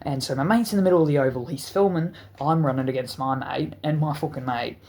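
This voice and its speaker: A man's voice: a little high, fast, a little mellow. A man telling a wild story in a rambling, profane, casual way, full of restarts.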